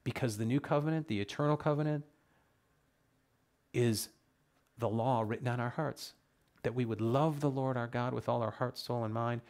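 A man teaches a Bible study in a mid-range voice, reading the verses slowly and pressing each point home with emphatic outbursts of wonder. His delivery swings between quiet explanation and loud, drawn-out emphasis. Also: medium pitch. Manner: emphatic, exclaims over scripture verses.

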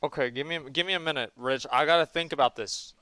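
A man competing on a livestream stammers through playful complaints. His voice is smooth and a little high. He sounds fretful and put-upon, in a joking way. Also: fast, bright, forceful tone, no echo. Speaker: tournament player. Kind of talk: casual chat on a livestream.

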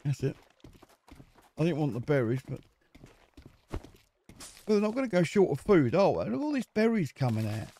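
Jokey male gaming host, lively up-and-down delivery, mellow tone. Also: on the high side, normal speed, pauses often, slight background noise. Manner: chatty, jokey, talks to himself while playing. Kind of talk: casual let's-play commentary.

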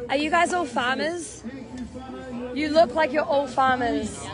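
A young woman with a New Zealand accent and a hoarse voice, chatting bubbly and casually as she vlogs on a phone at an outdoor protest camp. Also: high-pitched, measured pace. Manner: bubbly, chatty, laughs often. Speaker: vlogger. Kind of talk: casual walking vlog. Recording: crowd chanting and music behind.

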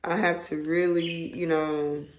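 A woman vlogger, chatting excitedly to her viewers as she unboxes a purchase. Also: low voice, measured pace, echoey room. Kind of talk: casual unboxing chat.

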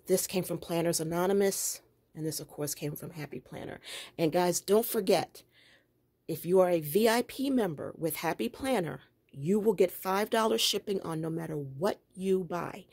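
Woman, lowish voice, chatty craft room tour, rambling, laughs a lot. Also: darkish tone, breathy edge. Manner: chatty, digressive, laughs often. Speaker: planner and journaling vlogger.

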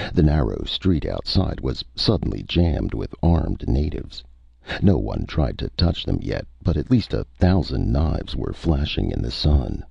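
A man narrating a science fiction story in a husky, gravelly voice, muffled lo-fi recording. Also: rumbling low, warm tone, dry recording. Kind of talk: audiobook story reading.

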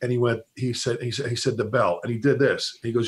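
A middle-aged man, a fire service instructor, telling stories in a casual chat, quick and animated, often restarting his sentences and quoting old bosses. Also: mid-range voice.

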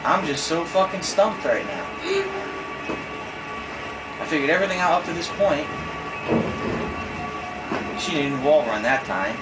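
A young man talks through a video game he is stuck on, thinking aloud and cursing in frustration. His voice sits a little high. Game music plays clearly behind him. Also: lively intonation, measured pace, pauses often, low-quality recording. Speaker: gamer. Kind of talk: frustrated gameplay commentary.

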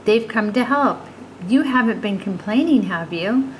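A woman voicing an old village wise woman in a storybook, calmly giving advice. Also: a little high, unhurried, a little hiss or hum, rough recording. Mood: advising. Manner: calm, advising.

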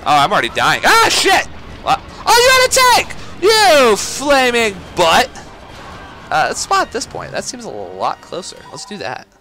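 A man giving let's play commentary on a shooter game, excitable, swearing and yelling at enemies. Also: very high voice, measured pace, faint music behind. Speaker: gaming YouTuber.

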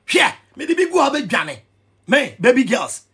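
A Ghanaian man ranting in an animated vlog commentary, excitable and mixing pidgin with Twi. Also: very high-pitched, moderate pace, husky. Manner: excitable, switching between pidgin and Twi, shouting and laughing. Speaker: vlogger.

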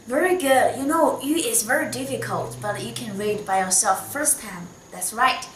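A woman's voice: a little high, moderate pace, fairly bright tone, recorded from a distance, slight background noise. A woman from China with a Chinese accent, patiently teaching a Mandarin lesson in English and modelling the tones. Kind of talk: online language lesson. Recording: echoey room, voice slightly off-mic.

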